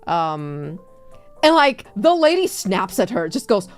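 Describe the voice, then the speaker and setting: A woman streamer retelling a story in casual chat, animated, swearing freely and laughing often. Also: mid-range voice, slow pace, soft background music. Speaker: VTuber streamer.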